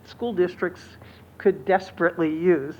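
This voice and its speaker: Board member lady, lowish voice, asking questions casually, muffled sound. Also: measured pace, a little hiss or hum. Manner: questioning, conversational. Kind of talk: public meeting discussion. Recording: dull lo-fi meeting audio.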